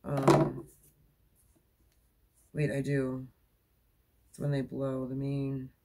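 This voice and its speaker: A woman's voice: rumbling low, completely flat delivery, drawn-out words, warm tone. A woman in her forties chatting casually as a crochet vlogger, rambling with many fillers and laughs, tired from staying up all night. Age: 40s. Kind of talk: casual chat.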